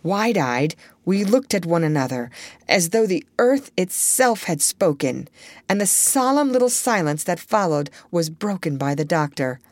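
A woman reading a children's storybook aloud as narrator, expressive and lively in her storytelling. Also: on the low side, unhurried, no room sound. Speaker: audiobook reader.

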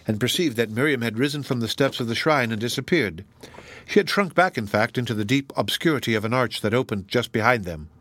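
A man narrates a classic novel in a measured, formal way. His voice sits at a middling pitch. The recording is dry, with no room sound. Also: a bit bright, dry recording. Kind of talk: audiobook reading of a classic novel.

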